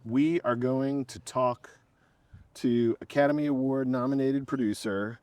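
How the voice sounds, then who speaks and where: A man co-hosting a podcast, chatting casually on a winter street and thinking out loud. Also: medium pitch, fairly even intonation, unhurried, no room sound. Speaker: podcast co-host. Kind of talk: casual outdoor chat. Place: outdoors on a city street in winter.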